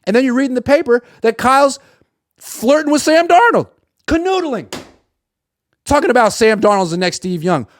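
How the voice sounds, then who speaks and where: Animated sarcastic male sports commentator. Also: extremely high pitch, normal speed, pauses often, no room sound, clean studio sound. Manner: animated and sarcastic, acts out imagined dialogue.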